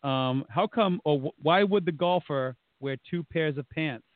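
Man, fairly high voice, playful teacher host, tinny video call, dry sound. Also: a little slow, no echo. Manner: playful, repeats himself, laughs at own jokes. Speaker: teacher hosting a class show. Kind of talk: casual online class show.

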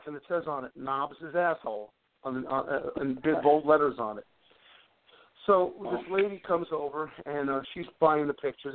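A middle-aged man with a somewhat high voice, telling animated stories and tripping over repeated words. He comes through a thin, tinny phone line. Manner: animated anecdote teller, repeats words as he talks. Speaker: guest wrestler. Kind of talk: casual storytelling on a phone call.

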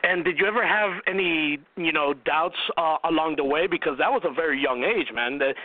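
A man's voice: on the high side, brisk, no room sound. A man hosting a radio show, asking loose, chatty interview questions with plenty of fillers. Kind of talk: casual interview. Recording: dry, phone-like sound.

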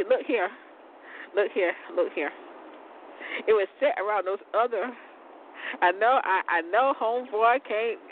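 High-voiced woman ranting over a phone line. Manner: chatty, profane, laughs often. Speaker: internet radio host. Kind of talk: casual rambling monologue. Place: outdoors on a balcony. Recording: tinny phone line, faint outdoor noise.

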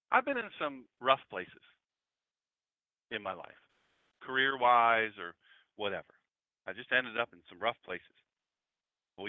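A man's voice: mid-range voice, no room sound. A man in his fifties preaching a casual, conversational sermon and talking with his congregation. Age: 50s. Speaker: pastor. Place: church room with congregation. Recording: tinny phone-like sound.

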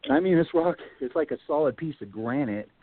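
A man's voice: medium pitch, lively intonation, fairly quick, creaky, slightly rough. A middle-aged man telling a long personal story in a casual, rambling way, full of "you know" and "like", as a guest on a radio show. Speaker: Bigfoot researcher guest. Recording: tinny phone line.

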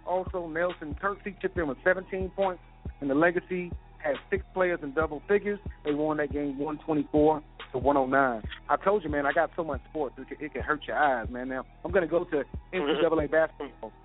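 A man hosting a sports segment on a radio show, reeling off scores quickly and dropping "man" between items. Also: on the high side. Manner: rapid score rundown, peppered with "man". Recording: tinny phone-line sound with faint music.

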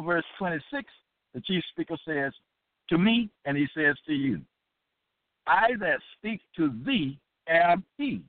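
A man teaching from the Bible in an emphatic, deliberate way, repeating his points. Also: on the high side, no room sound. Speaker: Bible teacher hosting an episode. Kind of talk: preaching Bible study. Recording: tinny phone-like, dry sound.

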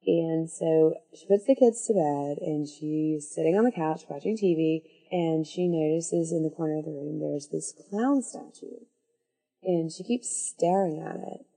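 Low, gravelly woman telling a tale. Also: moderate pace, warm tone. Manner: rambling, self-correcting, wry asides. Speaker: podcast storyteller. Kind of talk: casual storytelling.

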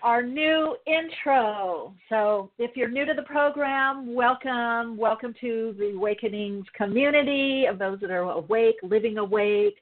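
A woman's voice: on the high side, measured pace, hardly any pauses. A woman hosting a spiritual podcast, talking in an effusive, gushing way with plenty of fillers. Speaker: podcast host. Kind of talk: casual podcast talk. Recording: tinny phone-like line.

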